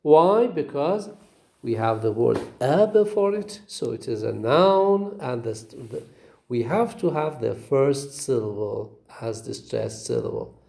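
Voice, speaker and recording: Male teacher, slow delivery, lively intonation, mellow tone. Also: mid-range voice, creaky. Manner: slow, repeats words and asks "okay?". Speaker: English phonetics teacher. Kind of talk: recorded lecture.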